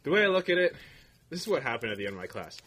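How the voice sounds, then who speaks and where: Laid-back young man, mid-pitched voice. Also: big pitch swings, very fast, a bit bright, slightly rough. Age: young adult. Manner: laid-back, rambling, filler-heavy. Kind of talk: casual chat.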